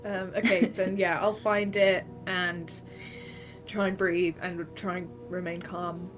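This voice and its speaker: A woman's voice: lowish voice, level tone, slow, over music. A woman playing a tabletop game, flustered and giggly as she describes her character. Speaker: player. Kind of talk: tabletop role-play, in and out of character.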